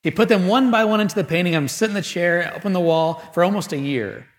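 Man preaching a sermon in an echoey church. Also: high-pitched. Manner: storytelling, dramatic pauses, shifts between loud and hushed.

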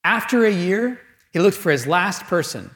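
A man preaching a sermon, telling a story with dramatic pauses and moving between loud and hushed delivery. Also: high-pitched, very animated, reverberant.

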